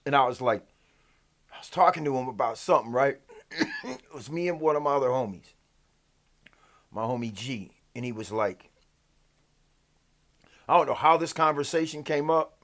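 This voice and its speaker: A man's voice: medium pitch, moderate pace, pauses often, fairly bright tone. A man telling a personal story in a casual, profane, rambling way, often asking "right?". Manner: rambling, loose, peppered with "like" and "right?". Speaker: storyteller vlogger.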